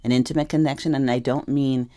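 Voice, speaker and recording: A woman's voice: extremely low pitch, steady tone, fast talker, dark tone. A woman giving a casual tarot reading to camera, rambling and emotional, often correcting herself mid-sentence. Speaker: tarot reader.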